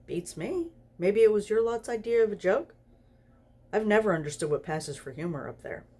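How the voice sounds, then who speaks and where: A woman's voice: mid-range voice, lively intonation, normal speed, mellow, husky, pitched above the performer's own voice. A tipsy woman voicing a sly, teasing male demon in a story reading, amiable and mocking.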